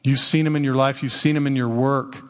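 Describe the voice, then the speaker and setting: A man's voice: steady tone, brisk. Earnest man preaching in a reverberant hall. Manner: conversational, earnest, acts out quotes with shifting pitch. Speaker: church elder preaching. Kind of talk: sermon. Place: church sanctuary.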